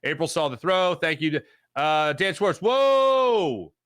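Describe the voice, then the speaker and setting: Man, sports talk host, jokey, excitable shout-outs to chatters, fairly high voice, dry close mic. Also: normal speed, dry recording. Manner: animated, jokey, greets chatters with loud excitement. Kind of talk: live sports talk reading viewer chat.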